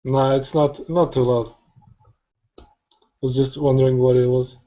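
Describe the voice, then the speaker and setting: A man's voice: medium pitch, little pitch movement, unhurried, dark tone. A man chatting casually and joking on a group call. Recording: muffled online call audio.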